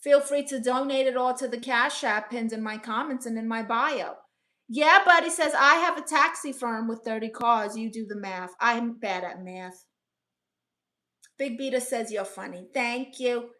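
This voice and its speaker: A woman's voice: a little high, fairly bright tone. A woman comedian hosting a casual live stream as a brash aunt, reading viewer comments and giving blunt, teasing advice. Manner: blunt, teasing, playfully sassy.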